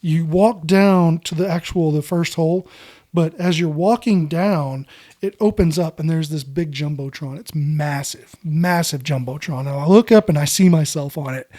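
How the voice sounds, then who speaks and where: Animated American man telling a story. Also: a little high. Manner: animated, fast storyteller who keeps saying "dude". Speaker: podcast guest. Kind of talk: casual storytelling.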